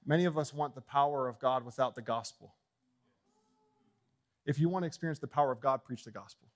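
A man preaching a sermon as pastor in a church, bold and fiery, swinging from loud proclamations to quiet asides and jokes with the congregation. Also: mid-range voice, a little fast. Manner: joking with the congregation. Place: church sanctuary.

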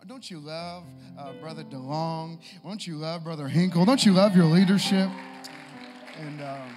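A man preaching a sermon, moving from easy conversational talk to shouted exhortation. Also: medium pitch. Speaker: pastor. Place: church sanctuary. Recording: long hall reverb with music. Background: live guitar and keys.

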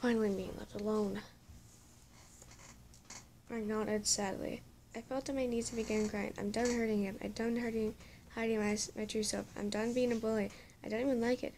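A woman's voice: on the high side, fairly even intonation, moderate pace, long pauses, darkish tone, a little hiss or hum. Woman stumbling through reading a story. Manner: stumbling reading with frequent self-corrections; breaks off into laughing, exasperated asides. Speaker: story reader. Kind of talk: reading a fan story aloud with reactions.

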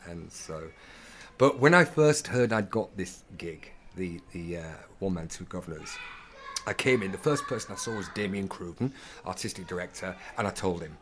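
Lively man telling stage anecdotes. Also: deep voice, normal speed, a little hiss or hum. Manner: animated storyteller acting out dialogue. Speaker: actor, podcast guest. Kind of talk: casual anecdote-telling interview.

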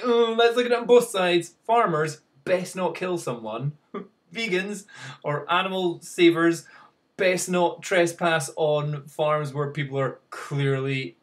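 A man's voice: high-pitched, recorded from a distance. A man giving casual news commentary as a vlogger, rambling and wry, and chuckling often.

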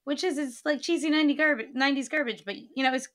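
Guest spot: high, bright American woman, chatty and animated. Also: fast. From United States. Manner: chatty, animated, lots of "like" and laughs. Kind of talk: casual podcast chat.

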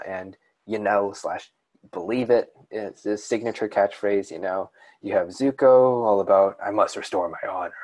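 A man with a Southern American accent and a fairly low voice talks casually on a writing podcast. He rambles and often restarts his sentences as he explains an idea. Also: a little mellow. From southern United States. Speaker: podcast co-host.

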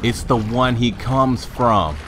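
A young man playing a horror game, swearing, talking to the character he controls and yelling high when scared. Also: slow pace, faint music behind. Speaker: gamer. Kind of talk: horror game let's play commentary.

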